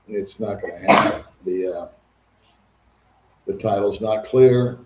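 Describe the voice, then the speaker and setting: A man's voice: on the low side, mellow. An older man hosting a casual livestream, chatting and reading viewer comments aloud. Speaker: livestream host. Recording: echoey room, dull lo-fi sound.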